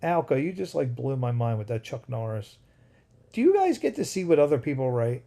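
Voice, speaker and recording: A man hosting a casual livestream at home at night, reading viewer comments aloud and drifting off into tangents with excitable reactions. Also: medium pitch, brisk, gravelly. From United States. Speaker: livestream host. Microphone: phone.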